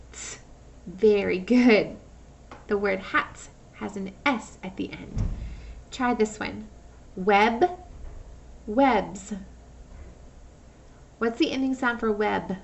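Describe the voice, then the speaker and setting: A woman's voice: medium pitch, creaky, far from the mic, slight background noise. A woman teacher giving a phonics lesson to young children, patiently sounding out words and asking questions. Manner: slow, patient, stretches out sounds and asks questions.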